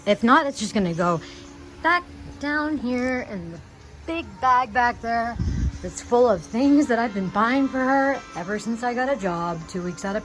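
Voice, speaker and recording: Pleading woman, halting and agitated. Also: fairly high pitch, low-quality recording. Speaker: vlogger addressing her father. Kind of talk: emotional personal video message.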